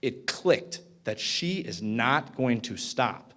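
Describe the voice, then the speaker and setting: A man's voice: mid-range voice, expressive, takes it slowly, pushed and bright. A man in his thirties gives a conference talk and tells a story. He talks casually, uses lots of "like," and keeps checking with the audience. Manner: casual, filler-heavy, asks the audience "right?". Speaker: conference speaker. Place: conference hall.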